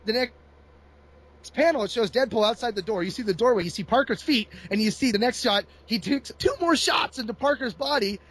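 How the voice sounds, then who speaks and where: A man's voice: very high-pitched, fairly quick. A man in casual chat, retelling a comic book plot with lots of laughter and put-on voices. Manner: animated storyteller, laughs often.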